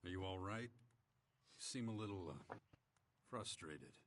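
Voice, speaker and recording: A low, dry sarcastic hero. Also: male voice, slow pace, a little hiss or hum, exaggerated voice. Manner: dry and deadpan. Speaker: video game protagonist.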